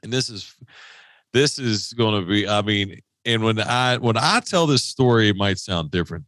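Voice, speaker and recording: A man from West Virginia tells a story on a podcast, swearing constantly and restarting his sentences as he goes. His voice is lively, swinging up and down in pitch, with a bright edge. The sound is dry, with no room echo. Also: moderate pace. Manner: rambling, profane, frequent restarts. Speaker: podcast co-host. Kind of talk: casual storytelling. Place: podcast studio.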